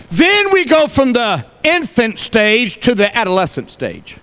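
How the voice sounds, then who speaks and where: High-voiced, lively preacher man. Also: a little slow, hardly any pauses, smooth. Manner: folksy, joking asides with the congregation. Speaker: pastor. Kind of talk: sermon.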